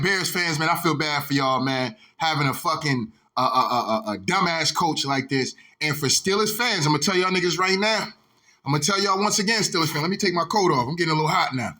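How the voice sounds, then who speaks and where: Fired-up high-voiced man ranting about football. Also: bright, forceful tone. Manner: heated, repetitive, profane, keeps saying "dog". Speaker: sports vlogger. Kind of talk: ranting sports commentary.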